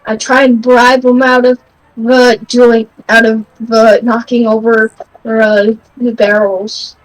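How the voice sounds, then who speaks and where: A woman's voice: on the high side, little pitch movement, slow pace, poor audio. A young woman playing a tabletop game over voice chat, hesitant and stumbling over her words. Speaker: player.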